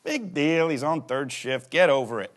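A pastor in his forties gives a humorous sermon, laughing as he tells jokes and acts out little scenes and voices. His voice is fairly high and he speaks at a moderate pace.

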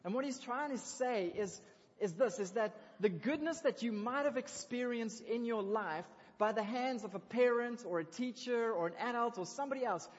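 High-voiced man preaching in an echoing hall. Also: breathy edge. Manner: animated and conversational, rising excited asides. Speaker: pastor. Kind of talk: sermon. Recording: dull lo-fi recording in a reverberant hall.

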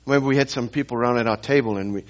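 A man's voice: medium pitch, very fast, muffled recording. A man preaching a sermon as pastor, telling stories and pressing the congregation with rhetorical questions and emphatic repetition.

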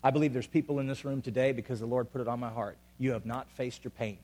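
A man preaching a sermon as pastor to a congregation, swinging between loud urgent calls and quiet, intimate asides. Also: mid-range voice, fairly even intonation, quick pace. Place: church hall with an audience.

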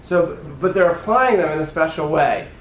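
A man teaching a class as a rabbi, in casual classroom style, animated and often checking in with his listeners. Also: on the high side, normal speed, echoey room, slight background noise, poor audio. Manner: animated, acts out voices of the story, frequent "right?".

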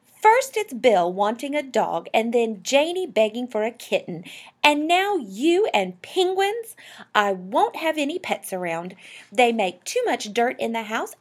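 A fussy middle-aged housewife from a storybook speaks in a prim, scolding way, as a woman reader puts her on. Her voice is slightly husky and swings lively up and down. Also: on the high side, pitched above the performer's own voice, exaggerated voice.

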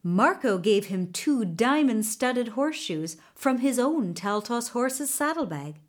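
A woman narrating a children's storybook in a gentle, measured way. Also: on the high side, animated.

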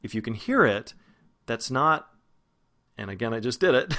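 A man who is a vocal coach, giving a pronunciation lesson and slowly demonstrating single sounds and words. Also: mid-range voice, very animated, fairly bright tone. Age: adult, past grad school.

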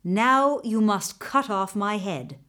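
A woman voicing a calm, commanding magical male horse in a storybook reading, giving steady instructions. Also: medium pitch, takes it slowly. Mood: calm guiding.

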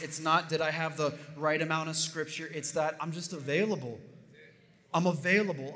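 A man preaching a sermon, telling a personal story and then building up with rising fervor. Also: on the high side. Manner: animated, building to near-shouts. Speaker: pastor. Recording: reverberant hall.

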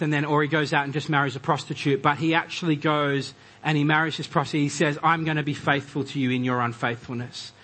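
A man preaching a conversational sermon, animated and acting out quoted voices. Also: fairly high pitch, rough recording. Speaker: pastor.

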